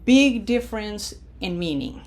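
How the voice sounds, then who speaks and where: A woman leads a recorded pronunciation lesson at an unhurried, measured pace, pausing to check in with her learners. She models each word clearly so listeners can repeat it, with her voice sitting at an ordinary middle pitch. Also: lively intonation, noisy background. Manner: slow, deliberate, checks in with "okay?"; models words clearly for repetition. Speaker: Spanish teacher.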